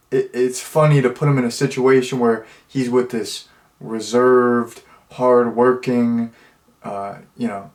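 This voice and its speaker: A man giving a casual spoken movie review, rambling and enthusiastic, who acts out quoted lines now and then. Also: medium pitch.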